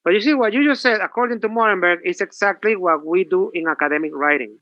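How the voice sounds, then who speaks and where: A man's voice: high voice, fast talker, dry recording, lo-fi sound. A male professor giving a classroom grammar lecture, asking rhetorical questions and repeating himself. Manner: lively, repetitive, rhetorical questions.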